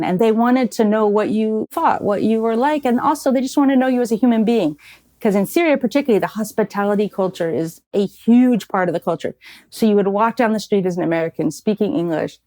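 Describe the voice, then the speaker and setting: Brief: middle-aged woman guest, lively storyteller who mimics others, mid pitch, dry studio sound. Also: dry recording. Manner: animated storyteller who acts out quoted voices with laughter. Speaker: nonprofit CEO, guest. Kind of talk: conversational interview storytelling.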